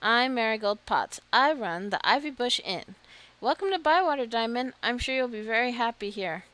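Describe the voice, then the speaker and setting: A woman's voice: fairly high pitch, expressive, moderate pace, no echo, pitched above the performer's own voice. Marigold, a woman voicing a gushing hobbit innkeeper. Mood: welcoming. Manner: warm, gushing welcomes. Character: cheerful motherly female hobbit innkeeper.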